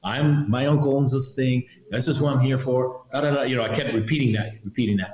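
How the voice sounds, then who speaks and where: A middle-aged man, a retired federal agent, tells a story from his career as a guest on a podcast. He talks with animation and acts out the other people in the story. His voice has a middle pitch and sounds roomy and a little dull. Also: quick pace, darkish tone. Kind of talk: recounting a story in a podcast interview.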